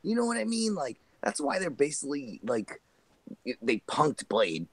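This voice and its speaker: A man in a casual comics chat, mostly chiming in with short agreements and quick opinions. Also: a little high, very animated, no echo. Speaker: podcast co-host.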